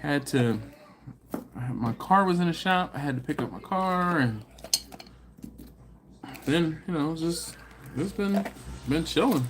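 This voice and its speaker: A man's voice: on the high side, animated, unhurried, pauses often, background noise. A man hosting a barbecue live stream, chatting casually and reading viewer comments aloud. He is laid-back and slangy, laughs often, and has a runny nose and a cough.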